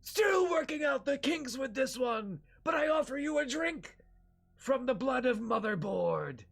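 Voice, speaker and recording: A man voicing a grandiose villainous male cult leader who makes booming, theatrical proclamations. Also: big pitch swings, unhurried, creaky, heavily acted.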